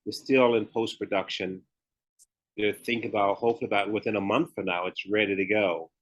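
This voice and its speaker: A retired pro bodybuilder and author from Memphis, Tennessee, speaks as a guest on a podcast interview in a US Southern accent. His voice sits fairly low, with fairly even intonation and a slightly fast pace, and the audio is dull. He tells his story candidly and laughs often.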